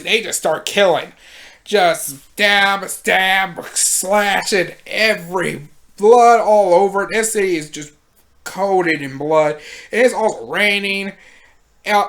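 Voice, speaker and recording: A woman recapping anime episodes in casual commentary, with slangy and animated storytelling. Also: mid-range voice. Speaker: anime reviewer.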